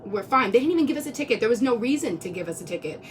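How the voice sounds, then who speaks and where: A woman with a fairly high voice pours out an earnest, rambling live-stream monologue, close to tears and often restarting her thoughts. She is picked up from a little way off on a phone mic, with a faint rumble underneath. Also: sing-song, racing, darkish tone, far from the mic.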